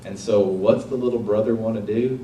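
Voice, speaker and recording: A man's voice: on the low side, fairly even intonation, moderate pace, warm tone, slight background noise. A man preaching a sermon in a conversational way, asking his listeners questions and retelling a story. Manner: conversational, asks the audience questions. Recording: echoey room, voice from a distance.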